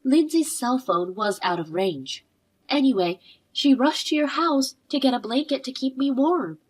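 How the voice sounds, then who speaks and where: A woman narrating a scripted story in a measured, expressive way. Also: high-pitched, slightly rough. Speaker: narrator voicing the wife.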